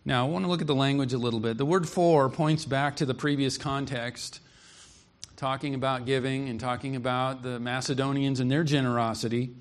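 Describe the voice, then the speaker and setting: A man's voice: medium pitch, fairly even intonation, brisk. A man preaching an expository sermon, earnest and emphatic, reading scripture aloud and explaining it.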